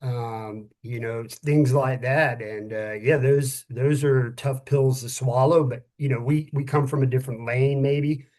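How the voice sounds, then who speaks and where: A middle-aged man, a former police officer, talking frankly and a little tiredly, often pausing to find his words and swearing casually. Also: mid-range voice, fairly even intonation, darkish tone. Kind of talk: candid conversational podcast talk.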